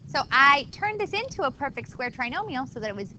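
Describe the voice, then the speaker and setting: A woman's voice: sits high, very animated, fairly quick, bright, forceful tone, dull audio, slight background noise. A woman teaching a math class, explaining step by step and talking to students in a chatty way. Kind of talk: classroom lecture.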